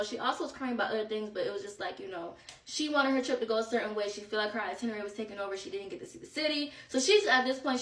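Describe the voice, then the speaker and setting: A woman with a slightly high voice tells a chaotic trip story in a loose, slangy storytime style, sounding exasperated and a little out of breath. She is recorded in an echoey room with the mic set some way off. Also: distant mic. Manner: animated, slangy, exasperated retelling. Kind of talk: casual storytime.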